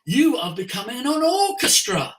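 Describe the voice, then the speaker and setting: A voice coach as a podcast guest, talking expressively with big swings in pitch and pace. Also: big pitch swings, moderate pace, fairly bright tone, low-quality recording. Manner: acts out everyday scenes in changed voices. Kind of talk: podcast interview, coaching talk.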